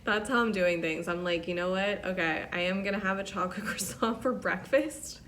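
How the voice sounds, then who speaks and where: A young woman telling a story in casual chat, animated and chatty, swearing and acting out quotes. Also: medium pitch, moderate pace, slight background noise. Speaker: podcast host.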